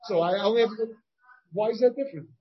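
A man with a high voice talks fast as he teaches a casual Talmud study class. The rabbi thinks aloud, often restarts, and asks his students questions. The audio is dull, taken from a shared class recording partly done over a video call.

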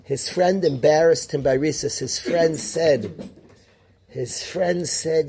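A man teaching a yeshiva class in a lively way, calling on students by name and mixing Hebrew and Yiddish terms into his English. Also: fairly high pitch, slow, slight background noise. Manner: animated, calls on students by name. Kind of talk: classroom lecture.

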